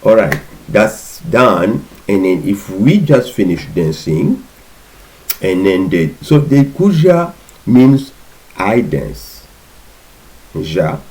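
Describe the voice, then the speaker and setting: A man giving an informal language lesson, patiently repeating words in slow drills. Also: low voice, darkish tone, poor audio. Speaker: language teacher.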